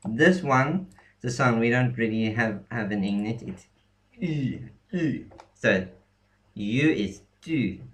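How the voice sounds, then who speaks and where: A man explaining alphabet letters in a casual lesson, halting often with ums and restarts. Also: mid-range voice, fairly bright tone. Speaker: language teacher. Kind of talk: casual screen-share lesson.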